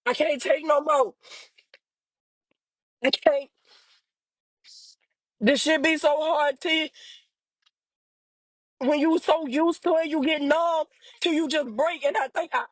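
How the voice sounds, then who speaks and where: A woman's voice: high voice, fairly even intonation, slow, long pauses, no echo, poor audio. A young woman making an emotional, pleading plea to camera about her missing sister, her voice breaking into tears as she repeats herself.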